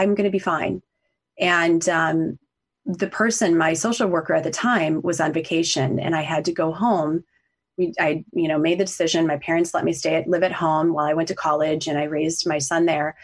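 Husky-voiced woman telling a heartfelt story. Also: lowish voice. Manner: earnest, heartfelt, talks through tears at times. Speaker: podcast guest, coach and author. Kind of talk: emotional personal storytelling.

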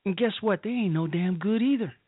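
Over a dry, phone-like call-in radio line, a south side Chicago man hosts his talk show, slow, emphatic and preachy as he gives blunt commentary. He has a high, husky voice, and the recording is dry.

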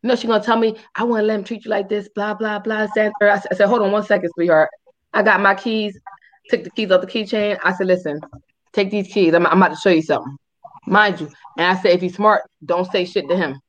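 Here a woman speaks fast on a lo-fi recording. As a podcast co-host in casual, swear-filled chat, she animatedly recounts a story and squeals out quotes in a high voice.

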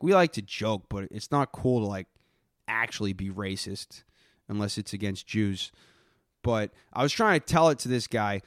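Young man, podcast host, crude profane rambling, stoned drawl, mid-pitched voice, dry close mic. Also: fairly bright tone, smooth, no echo. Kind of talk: solo podcast rant.

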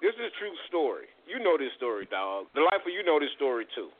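Lively man posing questions, phone-like sound. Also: fairly high pitch, quick pace. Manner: poses questions to the group. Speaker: co-host. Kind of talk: casual podcast chat. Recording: tinny phone-like line.

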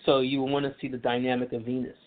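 A man's voice: mid-range voice, level tone, fast talker. A man explaining astrology in casual radio talk, chatty, with many fillers and restarts. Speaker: astrology guest. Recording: tinny phone line.

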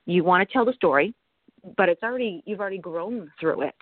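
A middle-aged woman chatting as an interview guest, animated and quick to laugh, with many fillers. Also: lowish voice. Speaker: interview guest, author and nutritionist. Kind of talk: casual interview conversation. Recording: tinny phone-like line.

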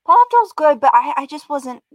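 A woman's voice: high voice, sing-song, fairly quick, no echo, muffled recording. A woman in her thirties co-hosting a podcast from home, chatting in a laid-back way and laughing often. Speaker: co-host. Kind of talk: casual podcast chat.

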